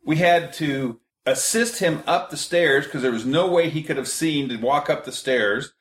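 A man's voice: a little high, normal speed, a bit bright. Chuckling man telling stories, roomy sound. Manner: storytelling, chuckling often. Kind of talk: casual group chat. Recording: roomy echoey room.

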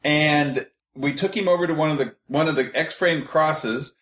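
A man's voice: a little high, measured pace, fairly bright tone. A man in a casual group chat, telling stories and often chuckling. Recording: roomy echoey room.

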